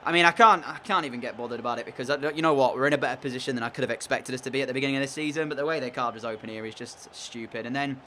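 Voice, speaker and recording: A man's voice: medium pitch, very fast, hardly any pauses, bright, forceful tone, a little hiss or hum. A young man commentating on his own video game match in an exasperated, sarcastic way. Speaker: gaming commentator.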